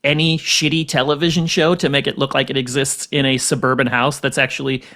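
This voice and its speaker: An American man hosting a podcast in casual chat, joking and self-mocking with quick asides. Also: mid-range voice, level tone, pushed and bright. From United States. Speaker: podcast host.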